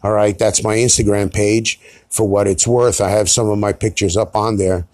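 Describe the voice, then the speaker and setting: A man's voice: lowish voice, level tone, moderate pace, a little mellow, no room sound. A middle-aged man, hosting a solo podcast in a rambling, self-deprecating way with some swearing. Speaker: podcast host.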